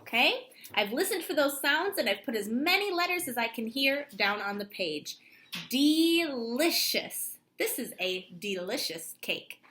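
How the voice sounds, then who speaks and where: A woman teacher giving a distance-learning lesson to children, sounding out words slowly and clearly. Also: on the high side, lively intonation, sharp tone. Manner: slow, clearly stretched-out word sounding.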